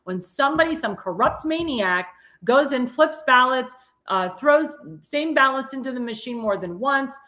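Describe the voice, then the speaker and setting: A woman's voice: sits high, animated, normal speed, pushed and bright. A woman hosting a political talk show, talking emphatically with many restarts and repeated words, and sounding tired. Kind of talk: political commentary monologue.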